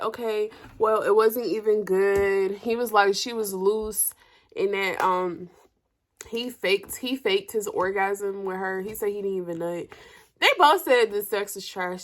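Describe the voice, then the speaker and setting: A young woman telling a personal story to her viewers in casual chat, blunt and profane, her voice jumping up when she gets heated. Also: medium pitch. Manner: animated, voice jumps up when heated.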